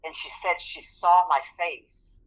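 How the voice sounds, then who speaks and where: A woman with a lowish voice, fairly even intonation and a slightly slow pace tells her own story as an interview guest. She is earnest and vivid, acting out what people said, and the recording sounds somewhat dull and lo-fi.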